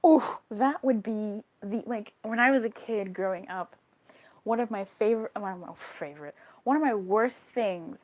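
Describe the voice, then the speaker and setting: A young woman reading tarot on a live stream, chatting with viewers in an animated way, laughing often and swearing casually. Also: mid-range voice, normal speed. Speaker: tarot card reader.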